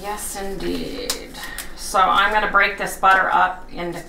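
A woman hosting a casual home cooking demonstration in her kitchen, chatting to viewers as she works and repeatedly saying how excited she is. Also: mid-range voice, measured pace, vocal fry, slight background noise. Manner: chatty, talks straight to viewers as "you guys". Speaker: home cook and channel host.

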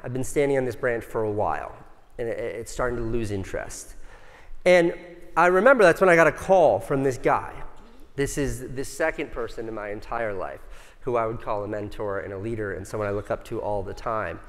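A man's voice: mid-range voice, animated, brisk. Chatty, profane man on a hall stage. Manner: casual, profane, self-mocking, chatty with the audience. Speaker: conference speaker. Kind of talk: casual storytelling talk. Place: large conference hall stage. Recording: long reverb from a large hall.

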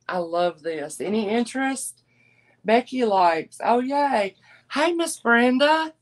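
A middle-aged woman, chatting folksily with viewers as she hosts a live clothing and jewelry sale. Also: medium pitch. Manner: chatty, folksy, calls viewers y'all and darling.

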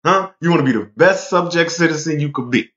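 A man's voice: on the high side, a little fast, fairly bright tone, dull audio. A man delivering a heated, profane monologue rant, emphatic and repeating himself to drive points home. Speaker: vlogger.

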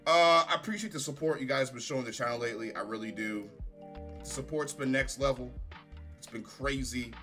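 A man's voice: mid-range voice, brisk, bright, forceful tone, faint music behind. A man giving a casual, profane, sarcastic review of a TV show from his home recording setup.

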